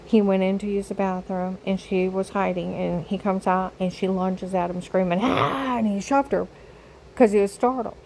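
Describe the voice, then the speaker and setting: A woman's voice: mid-range voice, steady tone, normal speed, dark tone, slight background noise, rough recording. An older woman telling a rambling personal story straight to camera, circling back and repeating herself. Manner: repetitive storytelling. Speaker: vlogger.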